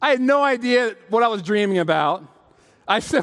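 Animated preacher in a reverberant hall. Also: male voice, sits high, normal speed. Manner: animated, acts out quoted voices, laughs at own stories. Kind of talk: sermon with storytelling.

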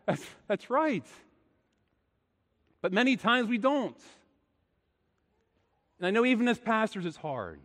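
A male pastor preaching a sermon with earnest emphasis, shifting between quiet and emphatic. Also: sits high, very animated, slow pace, pauses often. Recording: long hall reverb.

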